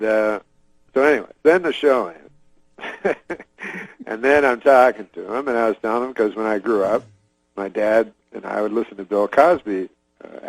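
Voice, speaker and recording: Rambling deadpan storyteller, a man. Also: mid-range voice, no echo, low-quality recording. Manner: rambling, deadpan, chuckles through the telling. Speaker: comedian guest. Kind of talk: casual storytelling.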